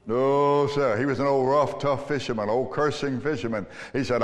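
A man preaching a sermon, telling a story with emphasis and swinging from hushed to loud. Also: mid-range voice, a little fast, hardly any pauses. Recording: long hall reverb.

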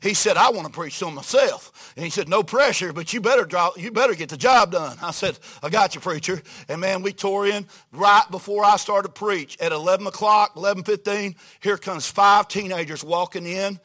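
A high-pitched man with a bright, ringing voice preaches to a church congregation. His delivery is folksy and animated, dropping low for quoted lines and rising to loud, emphatic exclamations. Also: a little fast, few pauses. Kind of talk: storytelling sermon.

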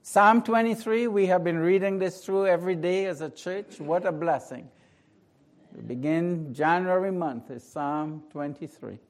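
A male pastor whose voice sits high preaches a sermon, shifting from hushed, slow prayer to emphatic, rising declarations.

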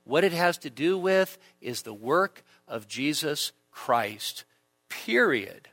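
A male pastor preaching a sermon in a church, animated, with humor and rhetorical questions. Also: a little high, slow, dry recording.

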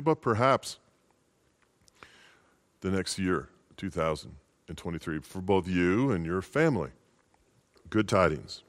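A male pastor giving a short, informal holiday sermon in a folksy, conversational way. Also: sits low.

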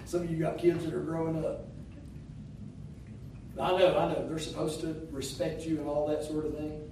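Half-singing at the peaks of his rising lines, a man delivers an emphatic sermon in a church sanctuary. His fairly high, mellow voice stays fairly level in pitch at a normal speed; a distant mic in the echoey room adds a little hiss or hum.

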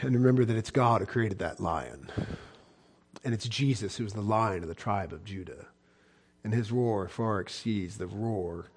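A man pastor preaching a sermon, emphatic, with rhetorical questions and repetition, swinging between hushed and loud. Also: a little high.

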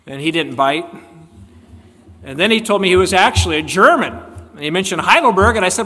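A male pastor with a fairly high voice delivers an emphatic sermon, pressing his listeners with rhetorical questions. His voice rings out with a long reverb, as in a church sanctuary. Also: expressive, brisk, a bit bright.

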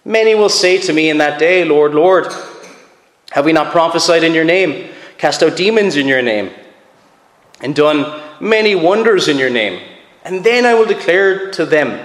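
Earnest preacher in an echoing hall. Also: male voice, a little high, expressive, a little slow, long pauses, a bit bright. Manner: earnest, emphatic preaching with repetitions. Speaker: pastor. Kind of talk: sermon. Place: church sanctuary. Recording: echoey hall with long reverb.

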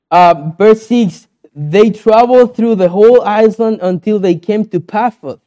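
A man's voice: sits high, dark tone. A man from South America, a pastor preaching a sermon in earnest, repeated phrases, with a young daughter.

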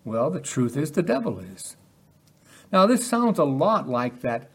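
A man's voice: on the high side, very animated, unhurried, husky. A man preaching a sermon in a conversational way, often putting rhetorical questions to his listeners.

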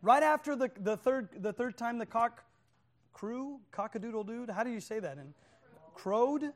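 A man with a fairly high voice preaching a sermon in a church. He talks casually, cracks jokes with the congregation and keeps checking in with a quick "right?". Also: animated. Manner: conversational, jokes with listeners, keeps asking "right?".

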